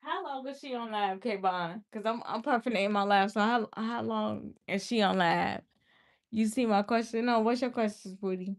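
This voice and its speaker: A woman's voice: medium pitch, normal speed. A young woman livestreaming, casually and exasperatedly scolding a viewer in the chat. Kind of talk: casual live-stream talk to chat.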